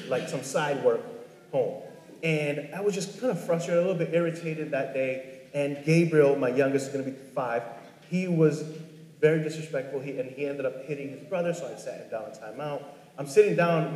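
A man in his thirties telling a personal story as a father, earnest and halting, with many restarts. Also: medium pitch, darkish tone. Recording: echoey room with long reverb.

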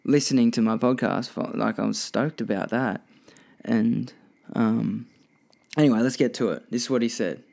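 A man's voice: medium pitch, normal speed, creaky, a little mellow. A young man hosting a casual solo podcast, rambling and swearing freely with many restarts. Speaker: podcast host.

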